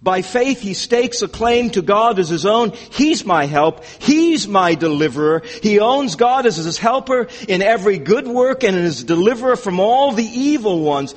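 A man's voice: sits high, expressive, moderate pace, few pauses, in a large hall. A man preaching an expository sermon, earnest and emphatic, repeating key phrases as he explains a psalm.

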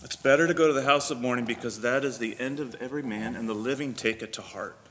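A man's voice: mid-range voice, fast, a bit bright, slight background noise. A man pastor giving a sermon, praying and then preaching earnestly with frequent fillers. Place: church sanctuary. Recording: long reverb of a church hall.

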